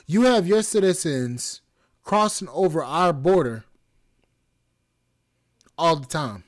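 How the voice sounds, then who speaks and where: A man's voice: a little high, expressive, slow pace. Blunt, exasperated young man hosting a podcast. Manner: blunt, exasperated, profane, repeats words. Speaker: podcast host. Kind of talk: casual commentary.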